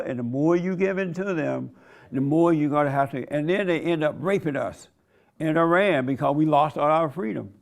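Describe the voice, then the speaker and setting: A man's voice: on the high side, gravelly. A man preaching an informal sermon, blunt and conversational, with a folksy way of telling stories. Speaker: preacher and host.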